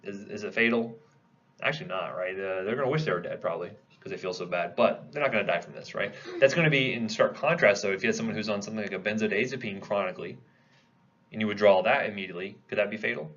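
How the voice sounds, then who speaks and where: Fast-talking male lecturer, lo-fi recording. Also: lowish voice, fairly bright tone. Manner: conversational, asks the class questions and answers them. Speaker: pharmacology lecturer. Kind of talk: classroom lecture.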